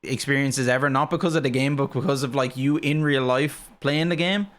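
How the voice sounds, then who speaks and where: An Irish man co-hosting a casual gaming chat, who swears freely and breaks into loud, excited outbursts. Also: mid-range voice, a little fast. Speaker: streamer and co-host.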